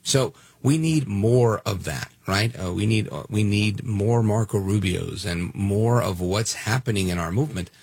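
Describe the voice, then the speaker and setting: Gravelly husky talk radio host. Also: male voice, on the low side, a little slow, hardly any pauses, a little mellow, no room sound. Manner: blunt, conversational, many fillers. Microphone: studio microphone.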